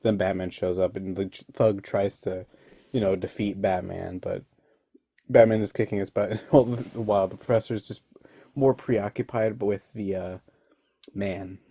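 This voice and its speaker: A man's voice: sits low, fairly even intonation, normal speed, dark tone, slightly rough, no room sound. Laughing young man recapping an episode. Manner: rambling, laughs often, many fillers. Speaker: online reviewer.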